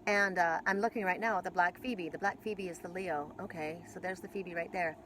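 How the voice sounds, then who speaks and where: A woman's voice: lowish voice, fairly even intonation, fairly quick, fairly bright tone, slight background noise, rough recording. A woman giving a casual spiritual oracle card reading, rambling with many restarts and casual swearing.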